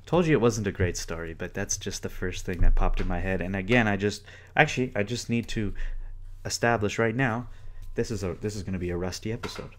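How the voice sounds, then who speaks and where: A young man hosting his own podcast alone, rambling through stories in a casual, profane, animated way. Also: on the low side, fairly quick. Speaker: podcast host. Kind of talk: casual solo podcast rant. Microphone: close podcast mic.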